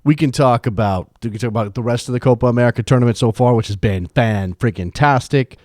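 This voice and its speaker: A man's voice: medium pitch, quick pace, a little mellow, no echo, studio quality. A man hosting a casual live stream from home, talking into a microphone with a rambling, self-deprecating manner. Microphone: desk microphone.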